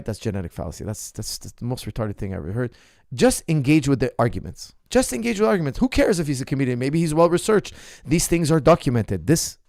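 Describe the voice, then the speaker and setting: Middle-aged male host, gravelly voice, dry close sound, argumentative and emphatic, hammers points by repetition. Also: mid-range voice, a little mellow, no room sound. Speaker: martial arts coach and podcast host. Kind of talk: opinionated casual monologue.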